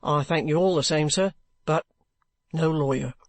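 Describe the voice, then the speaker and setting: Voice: medium pitch, normal speed, no room sound, pitched below the performer's own voice, close to an everyday voice. A reader voicing a bluff former soldier who is under arrest and speaks plainly, politely and stubbornly. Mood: firm.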